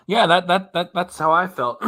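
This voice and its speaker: A man's voice: high voice, husky. A man casually commenting as host of a reaction channel, chatty and rambling, laughing often as he talks.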